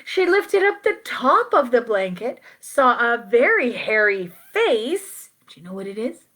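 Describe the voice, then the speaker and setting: A woman reading a children's picture book aloud, playful and expressive, with asides to her young listeners. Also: on the high side, a little slow, hardly any pauses. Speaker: children's story reader.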